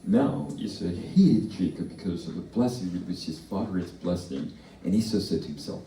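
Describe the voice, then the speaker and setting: Low dark-voiced guy reading scripture slow, echoey church hall, mic far off. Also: expressive, a little hiss or hum. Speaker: pastor.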